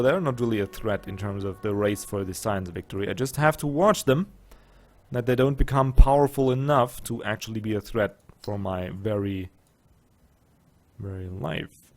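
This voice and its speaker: A man's voice: lowish voice, expressive, moderate pace, darkish tone. A man with a German accent, casually commenting on a strategy game and thinking aloud with muttered asides. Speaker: let's play gamer.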